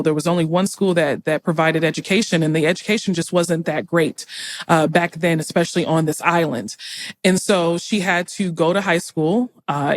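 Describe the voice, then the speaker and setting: An earnest woman from Charleston, South Carolina, speaks with a light Gullah Geechee Lowcountry accent. She tells long stories as a podcast guest. She often breaks off and restarts her sentences. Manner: rambling and earnest, with frequent restarts. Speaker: chef and guest. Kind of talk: podcast interview storytelling.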